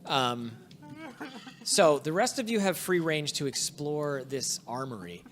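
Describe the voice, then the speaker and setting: A man's voice: on the high side, a little slow. A man running a tabletop game as game master, narrating scenes with frequent ums and uhs. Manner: relaxed, filler-heavy narration with frequent ums.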